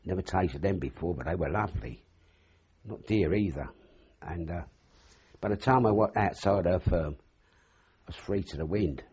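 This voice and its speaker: Husky older man rambling through old yarns. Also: sits low, moderate pace, pauses often, a little mellow. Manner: rambling anecdotal storyteller, acts out dialogue. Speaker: interviewee. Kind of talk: oral history reminiscence. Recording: dull lo-fi recording.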